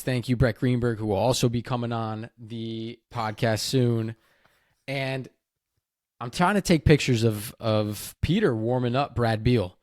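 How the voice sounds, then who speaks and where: A man's voice: mid-range voice, dry recording, clean studio sound. Enthusiastic male podcast host. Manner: animated storyteller, enthusiastic. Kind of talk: casual podcast chat.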